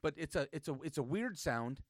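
A man telling a long story in casual podcast banter, animated and teasing, with frequent restarts. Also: on the high side, fairly quick, a little hiss or hum. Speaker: podcast host.

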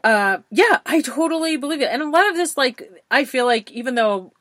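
A woman in her fifties, a former school teacher hosting an interview, chatty and enthusiastic, often restarting and swinging between loud and soft. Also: high-pitched, expressive, fairly quick, no echo. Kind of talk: casual interview chat.

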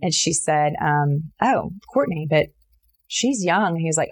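A middle-aged woman earnestly telling a personal story in an interview, with fillers and restarts, acting out the voices in what people said. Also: measured pace. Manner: earnest, animated retelling with many fillers and restarts; voices others in quotes, jumping high for her own reactions.

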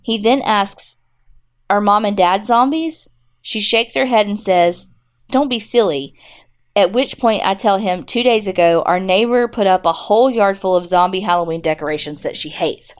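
A woman's voice: mid-range voice, normal speed. Wry woman reading listener stories. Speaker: podcast co-host. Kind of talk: casual chat and reading listener stories aloud.

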